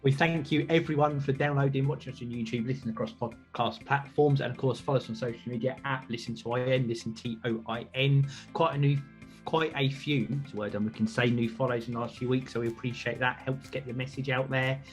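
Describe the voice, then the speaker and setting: A man's voice: medium pitch, steady tone, fast talker, few pauses, soft background music. A man hosting a podcast, chatting casually in an upbeat, self-reflective way. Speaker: podcast host.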